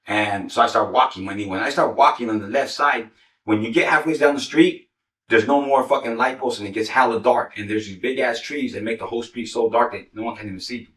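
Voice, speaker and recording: A man recalls his gang past through raw, profane war stories, rambling quickly, swearing all the time and peppering everything with heavy slang and "you know what I'm saying." His medium-pitched voice is fairly bright; the recording is echoey, with him off mic and distant.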